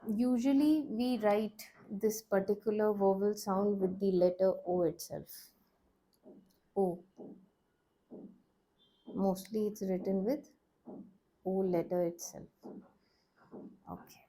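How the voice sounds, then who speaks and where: A woman's voice: mid-range voice, fairly even intonation, measured pace, warm tone. A young woman teaching a language lesson, explaining how to write letters step by step and patiently repeating each sound.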